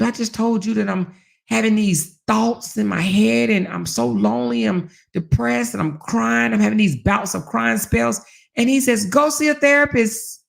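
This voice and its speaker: A woman in her forties spins a personal story in a relaxed chat. Her voice has a gravelly edge. She acts out what was said and swears freely. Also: medium pitch. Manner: animated, acts out dialogue, swears. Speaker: host. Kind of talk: casual storytelling monologue.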